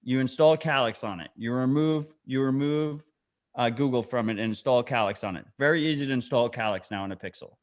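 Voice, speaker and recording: A man's voice: mid-range voice, brisk. A man co-hosting a podcast, explaining things bluntly and swearing in casual chat. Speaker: podcast co-host.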